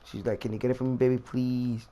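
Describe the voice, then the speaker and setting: A man's voice: mid-range voice, level tone, quick pace, dark tone, faint music behind. A young man vlogger telling a rambling, slangy story as he plays a game. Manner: rambling, slangy, repeats himself. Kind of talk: casual storytime while gaming.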